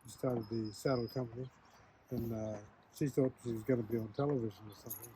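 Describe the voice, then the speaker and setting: A man's voice: medium pitch, fairly even intonation, fast talker, warm tone, a little hiss or hum. Rambling older man reminiscing. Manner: rambling, repeats words and restarts sentences, chuckles often. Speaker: host. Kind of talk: casual reminiscing chat.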